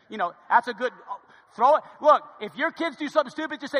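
Bright-voiced pastor in a big echoing hall. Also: male voice, very high-pitched, animated, fairly quick. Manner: repeats words, conversational, grows hushed when serious. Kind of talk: storytelling sermon.

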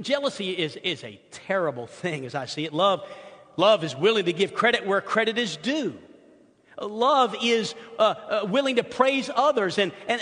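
A male pastor telling stories in a sermon, swinging from soft asides to loud, excited outbursts. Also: high-pitched. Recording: long hall reverb.

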